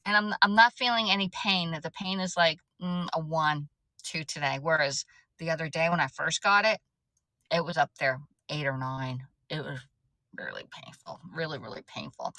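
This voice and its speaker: A woman's voice: low-pitched, bright, forceful tone, dry recording, rough recording. A woman chatting on a casual livestream, rambling and restarting often as she answers viewer comments. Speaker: livestream host.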